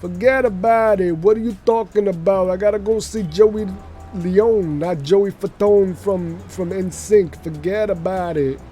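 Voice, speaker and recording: A man's voice: high-pitched, unhurried, warm tone, soft background music, pitched above the performer's own voice. A man voicing a brash male Italian-American wise guy with a New York accent, telling rambling, jokey stories.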